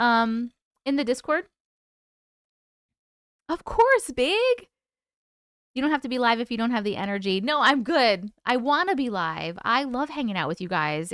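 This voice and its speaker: A tired woman hosting a live stream at home, chatting casually and warmly greeting viewers by name as she reads their comments. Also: fairly high pitch, clear, resonant tone, no room sound, studio quality. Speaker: host.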